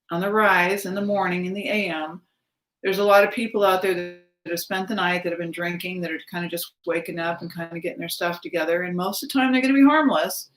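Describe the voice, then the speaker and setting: Animated storytelling woman in her fifties. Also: on the low side, roomy sound. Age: 50s. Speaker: spiritual vlogger. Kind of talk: casual storytelling monologue.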